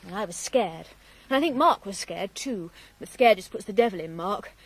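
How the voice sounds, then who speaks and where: A woman's voice: mid-range voice, lively intonation, normal speed, poor audio. An actress playing a playful, teasing young woman from an old family in a radio drama, telling a yarn. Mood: storytelling. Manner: teasing, lilting, storytelling. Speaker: Miss Raven.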